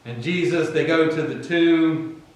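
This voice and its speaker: Echoey, conversational Virginian pastor. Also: male voice, fairly high pitch, steady tone, darkish tone. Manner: conversational, acts out Bible figures in quick asides. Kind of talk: sermon. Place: church. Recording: very echoey room, far from the mic.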